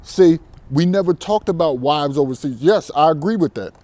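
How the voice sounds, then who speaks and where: Brash, boastful man with a mellow voice. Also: fairly high pitch, lively intonation, moderate pace. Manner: boastful, defiant, profane, laughs often. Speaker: vlogger on dating abroad. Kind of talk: brash monologue to camera.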